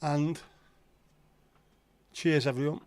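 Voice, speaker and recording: A man's voice: a little high, steady tone, slow pace, darkish tone, no room sound. A man who hosts a casual live stream, chatting and joking and greeting viewers by name. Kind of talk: casual watch-along chat.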